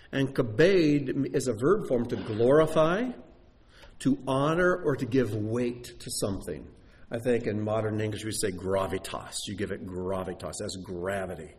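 A man preaching a sermon to his congregation, animated and talking straight to them with questions. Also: mid-range voice, a little slow, slight background noise. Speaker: pastor. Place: sanctuary before a congregation.

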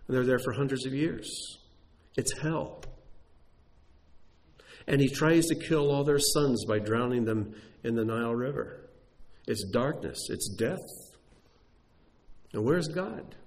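A man's voice: medium pitch, takes it slowly, long pauses, a little mellow. Man preaching with emphatic storytelling. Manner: storytelling, emphatic, rhetorical questions. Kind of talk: sermon.

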